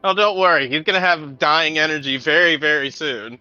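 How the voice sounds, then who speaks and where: A man's voice: on the high side, a little fast, pushed and bright, clear, resonant tone, no echo, highs cut off, faint music behind. A man chatting casually as a tabletop game player, wry and joking.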